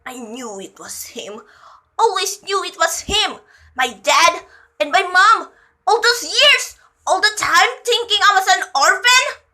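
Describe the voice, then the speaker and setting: A woman voicing a teenage boy hero, bitter and then icy calm, as she reads a story aloud. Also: very high-pitched, measured pace, pitched above the performer's own voice, full character voice. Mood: anguished. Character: anguished teenage boy hero turned cold.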